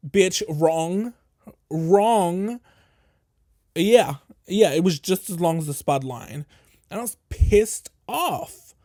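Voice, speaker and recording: A male podcast host telling a casual, animated story full of swearing, acting out what other people said. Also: sits high, slow, long pauses, no room sound, clean studio sound. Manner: animated, profane, acts out quoted people.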